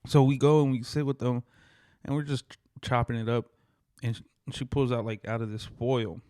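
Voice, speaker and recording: A man's voice: mid-range voice, level tone, moderate pace, mellow, clean tone, no echo, studio quality. A young adult man co-hosting a podcast, rambling in casual chat, filling his talk with "like" and swearing freely. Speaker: podcast co-host.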